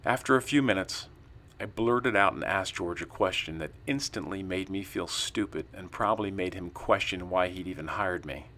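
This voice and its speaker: Low-voiced man narrating a campfire tale. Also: moderate pace. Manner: calm storytelling, acts out quoted lines. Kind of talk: scripted narration of a witness story.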